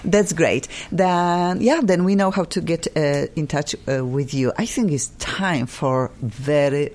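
Female host, Polish accent, native Polish speaker, enthusiastic and halting delivery. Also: rumbling low, darkish tone. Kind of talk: casual interview hosting.

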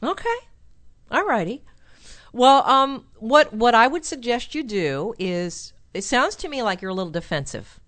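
A woman's voice: on the high side, sing-song, measured pace, a bit bright. A woman hosting a call-in advice show, coaching a caller and suggesting what he could say.

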